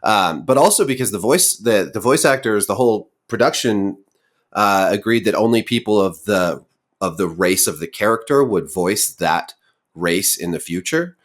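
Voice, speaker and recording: A man's voice: fairly low pitch, animated, moderate pace. A man hosting a casual interview, speaking in a thoughtful, hedging way. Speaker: interviewer, host.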